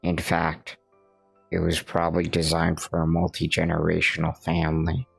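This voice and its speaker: A man with a very low, gravelly voice reads visual novel narration aloud at an even storytelling pace. Faint music plays underneath. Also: moderate pace, poor audio. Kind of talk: reading game text aloud with friends.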